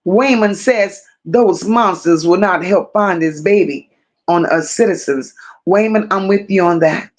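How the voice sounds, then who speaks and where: A woman hosting a live stream, reading viewer comments aloud and answering them, who talks slowly, repeats phrases for emphasis and speaks to her viewers like close friends. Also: medium pitch.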